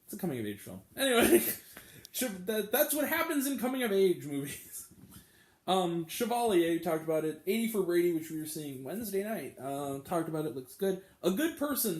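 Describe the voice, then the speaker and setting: A man's voice: high voice, lively intonation, normal speed, echoey room. A man hosting a movie review video, chatty and enthusiastic, with bursts of swearing. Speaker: movie review channel host. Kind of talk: casual talk-to-camera review vlog.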